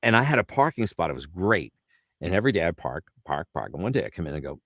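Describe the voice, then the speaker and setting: A middle-aged man, a voice actor, telling animated anecdotes in casual chat and slipping into voices for the people he quotes. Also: low voice, quick pace, no echo, clean studio sound. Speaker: voice actor guest.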